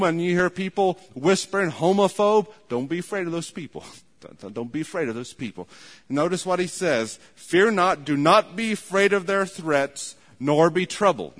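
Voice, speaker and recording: A man's voice: fairly high pitch, fairly bright tone. A man preaching a sermon, earnest and repetitive, acting out imagined people as he goes. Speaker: pastor. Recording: long hall reverb.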